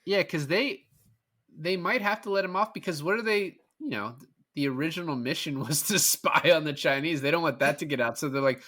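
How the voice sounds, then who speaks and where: A man with a bright, forward voice talks through a film with friends in easy, animated chat. He keeps slipping into quick quoted snippets of the characters as he retells scenes, with plenty of casual fillers. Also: fairly high pitch. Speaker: podcast guest.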